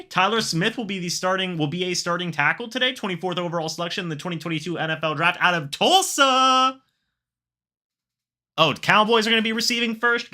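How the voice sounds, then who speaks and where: Watching the game on screen at home, a man with a voice on the high side does his own play-by-play for a live reaction stream and chats with viewers. He's excitable, bursting up during plays and muttering quietly in between.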